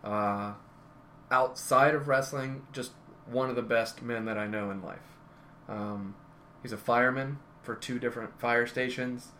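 A man's voice: medium pitch, steady tone, measured pace, pushed and bright. Rambling storyteller man, faint room hum. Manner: rambling, self-correcting anecdotes. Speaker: wrestler telling stories. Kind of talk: casual storytelling.

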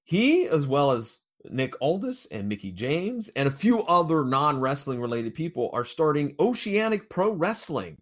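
A man hosting a casual podcast, chatting about wrestling news and jumping between loud and quiet remarks. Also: a little high, big pitch swings, moderate pace, hardly any pauses. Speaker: podcast host.

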